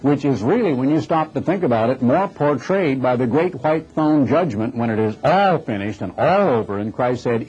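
A man preaching a recorded sermon, emphatic and slowing down on key phrases, from the United States. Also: mid-range voice, expressive, a little mellow, slightly rough. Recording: dull lo-fi recording with faint music.

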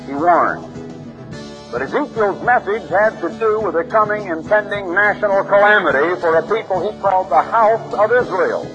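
A man preaching an impassioned radio sermon, his voice swinging widely and rising in emphasis. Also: fairly high pitch. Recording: muffled old radio broadcast.

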